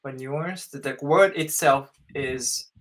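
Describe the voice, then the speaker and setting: Slow, hesitant Japanese man learning English. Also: mid-range voice, a bit bright. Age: 30s. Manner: hesitant, searching for words, many "um" and "uh". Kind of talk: casual conversation practice. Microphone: video call.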